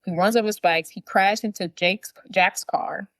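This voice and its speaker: A woman's voice: medium pitch, fairly even intonation, moderate pace, fairly bright tone, no room sound, studio quality. A young adult woman co-hosting a podcast, chattily retelling a movie plot and acting out the characters' lines. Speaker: podcast co-host. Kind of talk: casual movie recap.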